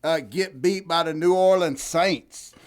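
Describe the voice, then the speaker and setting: A man co-hosting a sports podcast, teasing and needling his partner, with bursts of loud ribbing. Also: fairly high pitch, measured pace. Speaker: podcast co-host. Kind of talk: casual sports banter.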